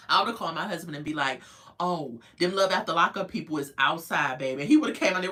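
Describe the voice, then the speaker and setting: A woman's voice: medium pitch, pushed and bright, distant mic. A woman giving a chatty, gossipy recap of a reality TV episode and talking straight to her viewers. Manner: chatty, addresses viewers directly. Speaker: reality TV reviewer.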